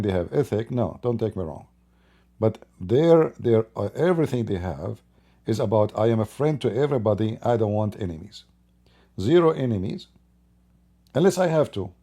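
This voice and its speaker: A man's voice: mid-range voice, dark tone. A man hosting his own channel, talking straight to his microphone in an unscripted commentary and stacking up points in emphatic, repetitive lists. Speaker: channel host commenting on politics.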